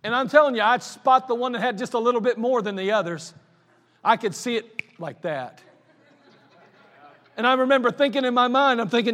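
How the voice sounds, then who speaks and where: A male pastor preaching a folksy sermon, telling stories and swinging from loud to quiet. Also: very high-pitched, a little fast. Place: church sanctuary. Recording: long hall reverb in a church.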